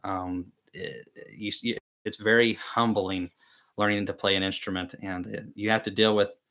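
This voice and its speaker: A man's voice: lowish voice, little pitch movement, normal speed, a bit bright. A young man hosting a casual beekeeping live chat, telling rambling, self-deprecating stories with many fillers and restarts. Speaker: beekeeping channel host.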